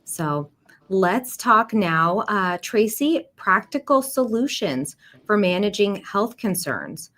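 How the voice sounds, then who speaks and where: A woman's voice: medium pitch, lively intonation, slow pace, fairly bright tone. A woman hosting a caregiving livestream, introducing topics and guests with fillers and repeated words. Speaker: livestream host. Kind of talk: livestream panel talk.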